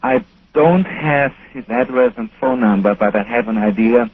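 A man's voice: mid-range voice, big pitch swings, vocal fry. German man, non-native English, earnest interview guest, phone-quality audio. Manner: earnest, slightly halting non-native phrasing. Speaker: guest researcher. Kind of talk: call-in radio interview. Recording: thin telephone line with faint hiss.

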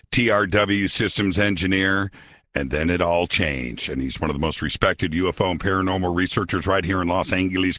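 A man hosting a late-night radio talk show from a studio, introducing his guest and asking him questions with energetic promo-style delivery. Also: low-pitched.

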